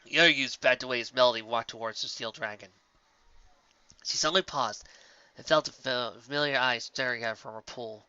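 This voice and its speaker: Man reading fan fiction, bright and dry. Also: medium pitch, fairly quick, clear, resonant tone, no room sound. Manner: plain reading with slips and restarts. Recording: dull lo-fi recording.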